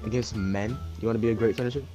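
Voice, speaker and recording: A man's voice: on the low side, fairly even intonation, very fast, loud music behind the voice. A man teasing and needling his friend in casual gaming voice chat. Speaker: gamer.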